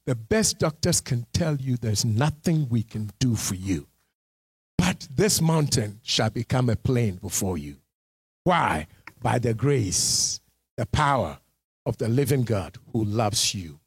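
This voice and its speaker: A man preaching a sermon as pastor, repeating phrases and firing questions at his listeners, dropping low and steady, then rising to shouts. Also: slow pace, slightly rough, no echo. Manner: repeats words for emphasis and asks the congregation questions.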